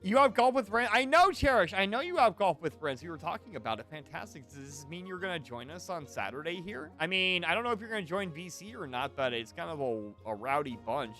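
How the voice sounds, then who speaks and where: A man's voice: a little high, animated, brisk, hardly any pauses, bright, forceful tone, faint music behind. A man hosting a game stream, chatting playfully with a co-host and reading chat aloud.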